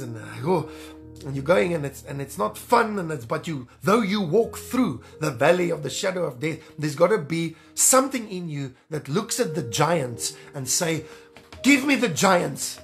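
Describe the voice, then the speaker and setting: A man preaching a sermon as an evangelist, fervent and animated, repeating phrases for emphasis. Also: fairly high pitch, gravelly.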